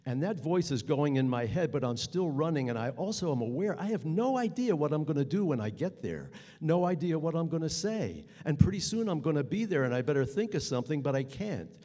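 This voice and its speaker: A man's voice: on the high side, big pitch swings, mellow, in a large hall. Earnest man telling a story live. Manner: earnest, halting pauses, building tension. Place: theater stage.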